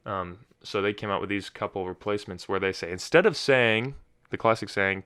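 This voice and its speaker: A man's voice: lowish voice, normal speed, pushed and bright, clear, resonant tone, no room sound, studio quality. A young man hosting his own podcast in casual solo chat, rambling and often restarting his sentences. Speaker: podcast host.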